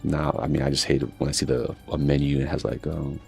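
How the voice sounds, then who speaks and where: A man's voice: very deep voice, little pitch movement, quick pace, vocal fry, faint music behind. A man telling stories in a laid-back, casual chat while playing a game, swearing and laughing often. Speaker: gaming streamer.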